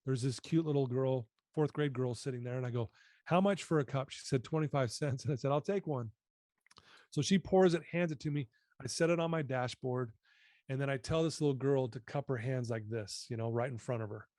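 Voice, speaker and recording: A man in his fifties recounts his life story as an interview guest, speaking earnestly and with open emotion. His voice is warm and mellow, at an ordinary pitch. The recording is dry and close, with no room sound. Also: fairly even intonation, brisk, dry recording.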